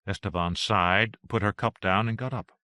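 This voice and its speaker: Guy narrating an audiobook, lowish bright voice, dry close sound. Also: no echo. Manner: measured, expressive reading. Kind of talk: scripted narration.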